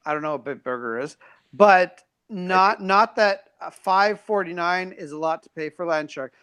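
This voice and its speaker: A man's voice: high-pitched, normal speed, a bit bright, clear, resonant tone, dry recording. A young man on a beer review panel, reading out viewer comments in casual chat and often stammering and restarting.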